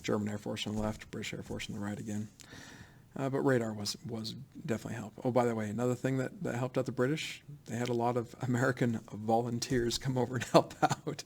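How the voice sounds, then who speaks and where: A man's voice: mid-range voice, flat delivery, fast, gravelly, slight background noise. A man teaching a history lesson in a loose, chatty way, full of asides and fillers.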